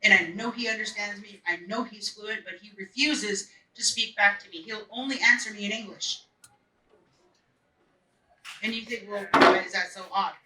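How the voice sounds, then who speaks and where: A man's voice: sits high, fairly even intonation, normal speed, long pauses, noisy background. A man telling an earnest personal story at a live event, repeating phrases for emphasis. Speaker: festival speaker. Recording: echoey, mic at a distance.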